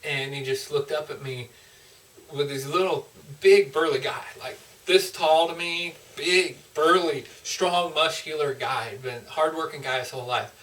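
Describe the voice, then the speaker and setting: A man's voice: a little high, normal speed, a bit bright, distant mic, low-quality recording. A man, a motivational speaker, telling an emotional personal story in an earnest, heartfelt way with frequent restarts.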